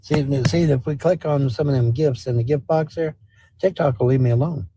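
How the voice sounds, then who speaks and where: A man's voice: mid-range voice, a little fast, noisy background. A man chatting casually on a live stream, rambling and talking to his dog between comments. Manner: rambling, talks baby talk to his dog. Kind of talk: casual livestream chat. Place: home with a dog.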